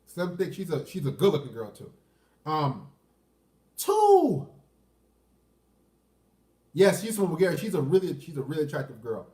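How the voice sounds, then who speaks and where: A man's voice: on the high side, animated, fast, darkish tone, recorded from a distance. Ranting man with a roomy echo. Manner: crude, ranting, answers chat questions. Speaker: dating commentary streamer. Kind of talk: unscripted livestream rant.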